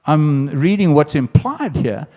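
A man's voice: a little high, big pitch swings, unhurried, dark tone. Earnest preacher man in a reverberant hall. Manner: earnest, with restarts, builds to emphatic quoted lines. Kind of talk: sermon.

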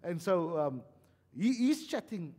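A South African man delivers a sermon, chatty and funny, in a fairly high voice. His pitch swings widely as he preaches. The voice rings with the long reverb of a hall. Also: slow. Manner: animated, conversational preaching with humor. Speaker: pastor.

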